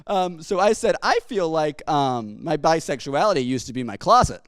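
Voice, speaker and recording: A young man doing stand-up into a handheld mic, his rambling stories full of detours. His voice is smooth and clear, and it bounces lively up and down. The sound is dry and close, with hardly any room in it. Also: fairly high pitch, moderate pace, no echo. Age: young adult. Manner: rambling, self-interrupting storytelling. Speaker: stand-up comedian. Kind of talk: stand-up comedy set. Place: comedy stage. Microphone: handheld stage mic.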